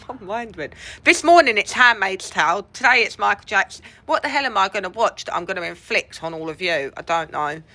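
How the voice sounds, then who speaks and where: A woman chatting with her livestream viewers, laughing often and swearing casually. Her voice sounds bright and crisp at mid pitch. The sound is dry and close to the mic. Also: expressive, fairly quick, hardly any pauses, no echo. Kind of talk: casual chat with live viewers.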